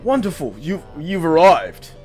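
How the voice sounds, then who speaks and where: Man voicing a theatrical, pompous NPC in a video game, pitched a little high. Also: sing-song, a little slow, darkish tone, faint music behind. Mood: grandiose. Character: self-aware male game NPC.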